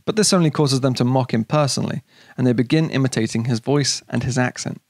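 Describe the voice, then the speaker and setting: Man, video essay narration, gravelly, mid pitch, measured. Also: a little mellow, no echo, clean studio sound. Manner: measured, explanatory. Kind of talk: scripted narration.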